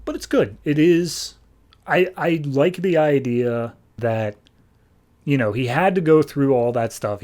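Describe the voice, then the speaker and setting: A man's voice: medium pitch, darkish tone. A man hosting a podcast, casually recapping a comic book in a chatty, filler-heavy way. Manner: chatty, filler-heavy, retells scenes in quoted paraphrase. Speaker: podcast host.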